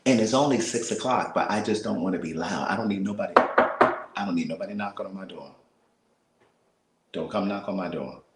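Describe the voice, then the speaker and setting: An American man talking casually to live viewers from a small apartment, speaking softly and half-whispering, laughing and reading out comments. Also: deep voice, brisk, pauses often, echoey room, background noise. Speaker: vlogger on a livestream.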